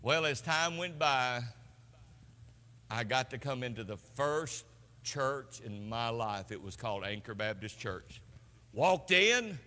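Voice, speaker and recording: A man preaching a sermon as pastor, swinging emphatically between loud declarations and hushed passages. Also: on the high side. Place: church sanctuary. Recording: long church reverb.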